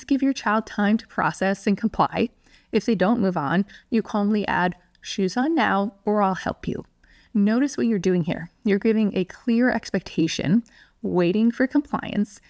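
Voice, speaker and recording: Calm, clear woman teaching parents. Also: mid-range voice, no echo, studio quality. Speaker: parenting educator. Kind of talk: scripted teaching monologue.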